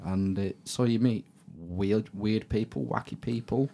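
A man's voice: fairly low pitch, steady tone, unhurried, vocal fry, dark tone. A middle-aged English man hosting a podcast, chatting casually and telling stories with lots of swearing and laughter. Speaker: podcast host. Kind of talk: casual chat.

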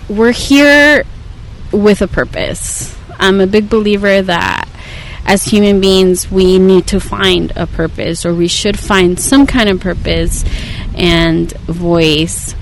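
A woman's voice: medium pitch, slow pace, a little hiss or hum, poor audio. A young woman, a therapist, talking candidly and with animation as a podcast guest. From United States. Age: young adult. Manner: candid, animated, mixes Spanish into English. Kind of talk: casual conversation.

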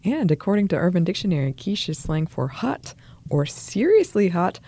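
A woman's voice: fairly low pitch, big pitch swings, moderate pace, mellow, no echo. A woman co-hosting a casual podcast chat, playful and laughing as she reads out old recipes. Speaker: podcast co-host.

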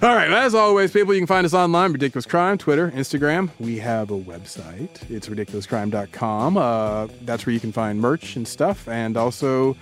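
A man's voice: medium pitch, moderate pace, few pauses, faint music behind. A man co-hosting a podcast, telling a story in a joking, casual way. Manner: joking, lively storytelling with laughs. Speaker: podcast co-host. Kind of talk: casual chat.

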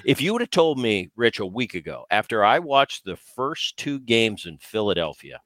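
A man's voice: lowish voice, very animated, moderate pace, fairly bright tone, dry recording. Man, former ballplayer, casual sports chat, emphatic, restarts often, dry close sound. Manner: emphatic, repeats himself with restarts. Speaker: baseball podcast co-host, former player.

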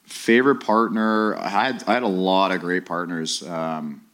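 Animated man telling a hockey story. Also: sits low, a little slow. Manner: animated storyteller, acts out voices of teammates. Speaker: former hockey player guest. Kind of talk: live podcast storytelling.

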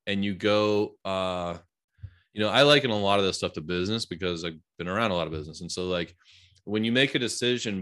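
Guy with a lowish voice chatting on a podcast, tells stories about his kids, lots of um and like. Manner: animated storyteller, lots of fillers. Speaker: podcast host; parent with business background. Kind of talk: casual conversation.

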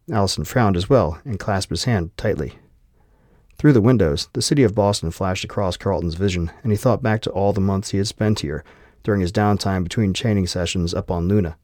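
Male audiobook narrator, lowish voice, dry close recording, steady reading. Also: fairly quick, no room sound.

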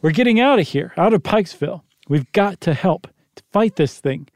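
A man's voice: high-pitched, animated, moderate pace, no room sound, studio quality, voice pushed up. Man reading as an urgent, barking father. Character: urgent, commanding father in a crisis.

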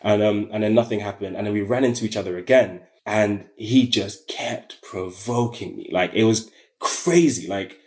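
A man's voice: fairly low pitch, moderate pace, darkish tone. A young man with a South London accent, a podcast guest telling a story in casual chat, full of fillers and slang.

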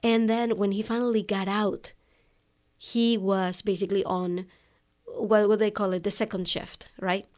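In a mid-range, darkish voice with a level tone, a woman speaks a little slowly. She's a podcast host for online coaches, casually sharing a personal story and frequently adding "you know" and "right?"

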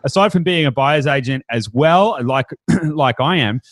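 A man's voice: a little high, normal speed, dry recording. A man hosting a podcast, chatting upbeat with fillers and restarts. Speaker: podcast host. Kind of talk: casual podcast chat.

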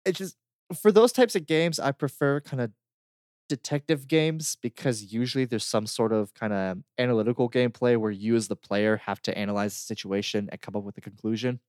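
A man's voice: mid-range voice, steady tone, fairly quick, darkish tone, no room sound, clean studio sound. A man co-hosting a casual game review chat, easygoing, with lots of fillers and laughter. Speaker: podcast co-host reviewing games.

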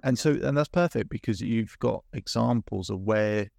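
A man's voice: fairly low pitch, normal speed, vocal fry, darkish tone, no echo, studio quality. A man coaching a client, encouraging and asking probing questions. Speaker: confidence coach. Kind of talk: coaching session.

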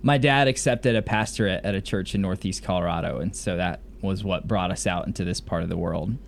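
There's slight background noise behind this low, creaky, fairly quick male voice. Originally from Mississippi, he's lost most of his Southern accent and sounds mostly general American as he co-hosts a podcast, enthusiastically and ramblingly recapping a TV episode in a casual way.

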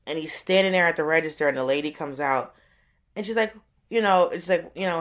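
Lively woman telling stories. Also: deep voice, brisk. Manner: animated storyteller, acts out voices. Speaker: co-host. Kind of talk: casual comedic chat.

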